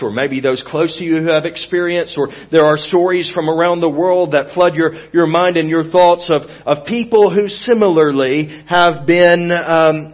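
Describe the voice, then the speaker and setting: Male preacher, earnest sermon delivery, emphatic to hushed, slightly high voice. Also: highs cut off.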